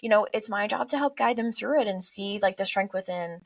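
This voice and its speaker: Expressive woman therapist, dry distant mic. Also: mid-range voice, brisk, gravelly, no room sound. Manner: expressive, animated, acts out quoted parents and teens. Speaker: family therapist guest. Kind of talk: conversational podcast interview.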